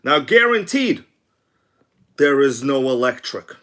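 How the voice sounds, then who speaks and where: A man hosting an RC livestream, energetic and joking as he gives shout-outs to viewers. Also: mid-range voice, takes it slowly. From from abroad. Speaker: RC livestream host. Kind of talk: excited casual livestream chat.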